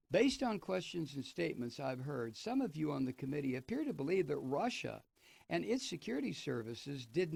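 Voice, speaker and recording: On his radio talk show, a man reads a news article aloud and keeps breaking off into sardonic, profane political commentary on it. His voice is a little high, creaky and slightly mellow, captured in a dry recording.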